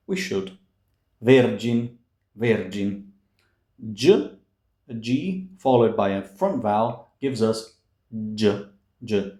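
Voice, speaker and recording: A man's voice: medium pitch, dark tone. A man teaching the meaning and pronunciation of opera lyrics, patient and explanatory, with playful asides and many fillers. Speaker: music language teacher. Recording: echoey room.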